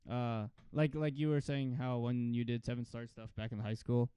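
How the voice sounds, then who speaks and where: Young man telling animated stories, smooth voice. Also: mid-range voice, normal speed, no echo. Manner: animated storyteller, swears freely, mimics family voices. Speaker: podcast co-host. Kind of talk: casual chat.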